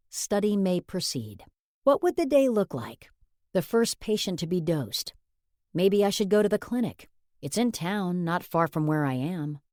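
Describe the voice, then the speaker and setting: A woman's voice: lowish voice, darkish tone, no echo, studio quality. A woman reading a first-person essay aloud as narrator, telling it in a wry, conversational way. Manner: wry, conversational storytelling delivery.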